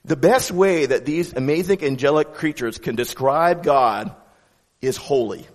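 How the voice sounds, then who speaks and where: Animated man preaching in a reverberant hall. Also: a little high, unhurried. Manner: conversational, animated preaching with many restarts. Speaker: pastor. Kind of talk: sermon.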